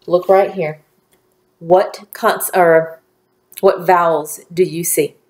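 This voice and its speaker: Slow, patient woman teaching phonics. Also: on the low side, steady tone, a little mellow, reverberant. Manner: slow, patient, encouraging, drawing out words. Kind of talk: phonics lesson for young children.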